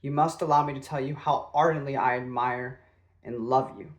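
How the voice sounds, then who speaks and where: A man reading as a proud, reserved gentleman. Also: mid-range voice, steady tone, normal speed, muffled recording, lightly acted. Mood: grave.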